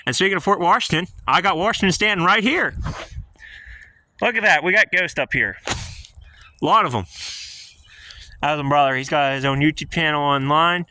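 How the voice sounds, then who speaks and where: A man's voice: fairly high pitch, normal speed, long pauses, bright, forceful tone, dry recording. A man from central Pennsylvania giving a casual, joking walking-tour vlog outdoors on a hill. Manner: chatty, joking, loosely rambling. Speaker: history vlogger. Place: outdoors on a hilltop park.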